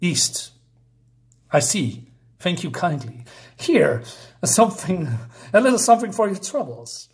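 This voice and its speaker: Cold polite pilgrim killer, read by a man, smooth false courtesy, comic read-aloud, fairly high voice. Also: very animated, a little slow, pauses often, full character voice. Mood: falsely courteous.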